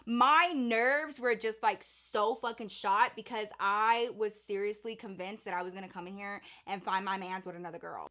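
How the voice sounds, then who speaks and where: Bright-voiced woman telling a dramatic story. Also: medium pitch, normal speed. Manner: animated, dramatic storytelling with casual swearing. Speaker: vlogger. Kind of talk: storytime vlog.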